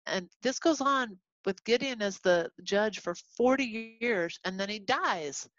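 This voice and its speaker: A woman from Texas teaching a casual Bible lesson to a class, animated and chatty, acting out the people in the story as she goes. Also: medium pitch, measured pace, dry recording. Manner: animated, acts out quoted voices, chatty asides. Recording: dull lo-fi recording.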